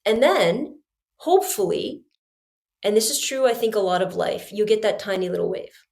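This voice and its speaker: A woman hosting a podcast, telling a story in a chatty, animated way and talking straight to her listeners. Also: medium pitch, normal speed, gravelly. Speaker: podcast host. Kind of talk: storytelling monologue.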